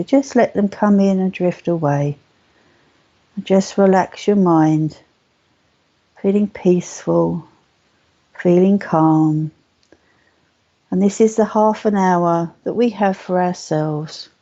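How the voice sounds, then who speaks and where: A woman talks a group through a guided meditation, her low voice gravelly and unhurried, repeating gentle cues. The sound is dull and lo-fi, with soft music underneath. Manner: slow, soothing, repetitive guidance. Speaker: meditation teacher. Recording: muffled lo-fi recording with faint music.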